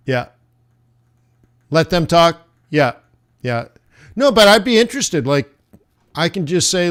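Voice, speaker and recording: Brief: male livestream host, smooth and slightly high voice, rambling and self-mocking. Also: animated, slow, pauses often, a bit bright. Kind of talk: casual livestream chat.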